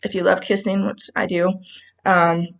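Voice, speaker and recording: A woman's voice: fairly low pitch, level tone, normal speed, creaky, rough recording. A woman casually presenting her novels from home in a video call, chatty and full of ums and asides. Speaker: author presenting her books. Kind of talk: casual talk about her books.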